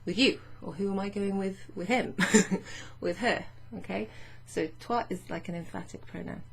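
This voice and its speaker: A woman teaching French grammar in a patient, chatty way, reading French phrases slowly and explaining them. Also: mid-range voice, creaky, husky. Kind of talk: casual explanatory lesson.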